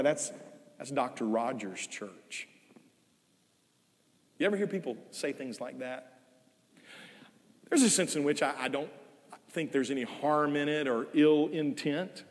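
An older man preaches a sermon in a church sanctuary, his pitch rising and falling in lively swings. He presses hard on key words, then drops to soft, drawn-out phrases. His voice is on the higher side and trails off in a long hall reverb. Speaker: guest preacher.

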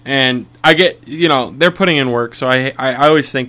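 A man's voice: medium pitch, normal speed, bright, forceful tone. Young man telling rambling stories. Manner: rambling storyteller, swears a lot, laughs often. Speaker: podcast co-host. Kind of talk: casual podcast chat.

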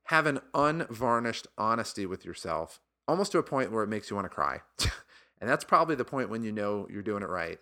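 A man with a fairly low voice coaches listeners in a motivational solo podcast. His pitch swings widely as he speaks, and his tone is bright and forceful. He sounds earnest and encouraging throughout. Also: sing-song, fairly quick. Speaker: sales podcast host.

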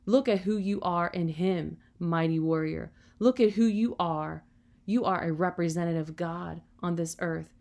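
A woman's voice: lowish voice, moderate pace, gravelly, darkish tone. A woman preaching a sermon in an earnest, encouraging way, often adding "you know" as she talks.

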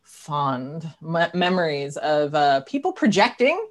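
A woman's voice: low-pitched, very animated, slow. A woman in her thirties, a guest on a podcast, chatting animatedly and laughing often, with frequent restarts. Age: 30s. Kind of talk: casual chat.

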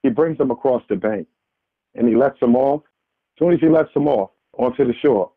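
A man's voice: mid-range voice, normal speed, no room sound. A man calling in to a radio show, speaking earnestly with a preachy manner and many restarts. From New York. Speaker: caller. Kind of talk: impassioned call-in commentary. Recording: tinny phone line.

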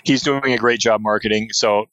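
A man's voice: fairly low pitch, fairly even intonation, moderate pace, fairly bright tone, clean tone, lo-fi sound. A man talking as a guest in a casual interview, enthusiastic, with many fillers and restarts. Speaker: podcast guest, SEO expert.

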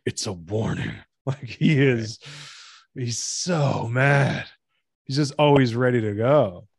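Profane, rambling American man for podcast chat; dry booth sound, mid pitch. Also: slow pace, creaky, no room sound. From United States.

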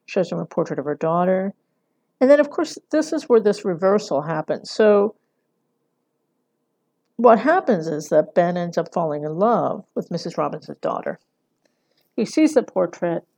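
Gravelly, low-voiced woman lecturer. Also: darkish tone. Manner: conversational, often checking in with "right?". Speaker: screenwriting lecturer. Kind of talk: recorded lecture.

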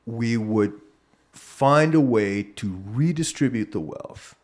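A man of middle pitch talking through a point in a casual podcast debate. He sounds earnest and keeps restarting his sentences as he thinks aloud. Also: slow, darkish tone. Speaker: podcast co-host.

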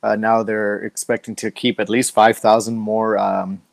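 A man's voice: on the low side, flat delivery, normal speed, vocal fry. A man hosting a political talk show, talking conversationally and wryly, with frequent fillers. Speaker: host.

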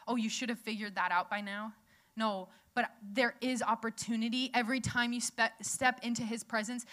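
A woman's voice: fairly high pitch, bright, forceful tone. A young woman preaching in a casual, chatty way, asking the audience questions and laughing often. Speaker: speaker at a church gathering. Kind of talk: casual sermon.

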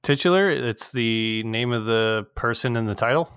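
A man's voice: mid-range voice, moderate pace, a bit bright, clear, resonant tone, dry recording, clean studio sound. Rambling young man hosting a podcast. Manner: rambling, swears freely, acts out quotes in a raised voice. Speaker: podcast host. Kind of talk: casual chat.

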